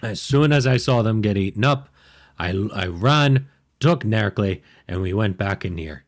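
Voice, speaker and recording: A man's voice: fairly low pitch, animated, measured pace. A man voicing a panicky, paranoid male gnome king who talks in frantic, insistent bursts.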